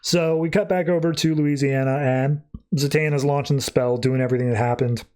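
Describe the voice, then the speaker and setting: A man's voice: mid-range voice, brisk. A man hosting a podcast, recapping a comic in a casual, irreverent way and acting out the dialogue. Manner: animated, irreverent, acts out dialogue. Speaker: podcast host.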